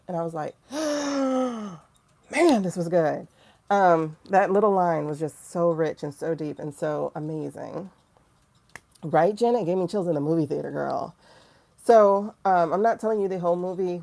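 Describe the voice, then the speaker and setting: A woman hosting a livestream in casual talk, blunt and animated, laughing often. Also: lowish voice, gravelly. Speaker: livestream host.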